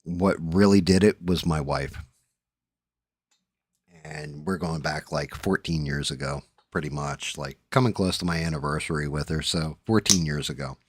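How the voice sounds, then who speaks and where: A man hosting a casual chat show, telling stories in a profane, animated way that rises when he gets riled up, recorded in a home studio. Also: very deep voice, moderate pace, breathy edge, no echo. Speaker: podcast host.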